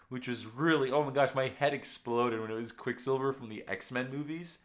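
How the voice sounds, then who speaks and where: A young man hosting a late-night livestream at home, rambling excitedly about shows in casual chat through a camera microphone. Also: normal speed. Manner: excited, rambling fan chatter with lively swings in pitch. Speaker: livestream host.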